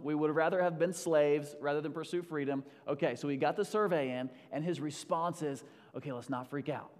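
A man preaching a sermon, swinging between loud, rallying bursts and quiet, intimate stretches. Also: on the high side. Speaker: pastor. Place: church hall. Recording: long hall reverb.

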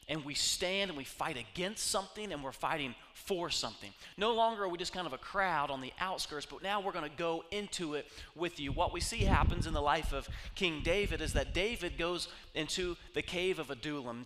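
A man preaching a sermon, telling stories with humor and swinging from loud bursts to hushed asides. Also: fairly high pitch. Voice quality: animated, jokey storytelling with sudden loud bursts and hushed asides. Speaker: pastor. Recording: long reverb of a large hall.

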